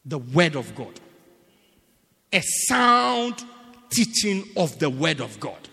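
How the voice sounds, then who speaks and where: Animated preacher. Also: male voice, medium pitch, a little slow, vocal fry, slightly rough. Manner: animated, builds to loud emphatic bursts with repeated phrases. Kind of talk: sermon. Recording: long hall reverb.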